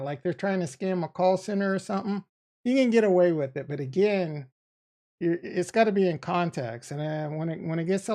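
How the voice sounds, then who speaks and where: A man's voice: high voice, darkish tone. Boston-accented male streamer, loose and profane, reads and rebuts chat. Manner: rambling, profane, talks back to chat. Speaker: crypto streamer reading chat. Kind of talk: casual livestream chat.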